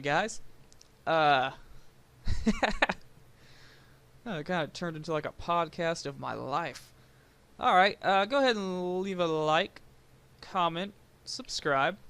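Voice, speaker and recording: A man's voice: on the high side, a bit bright, clear, resonant tone. Chatty young man telling a story. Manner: rambling, swearing, laughs at own story. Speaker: let's play host. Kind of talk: casual storytelling over gameplay.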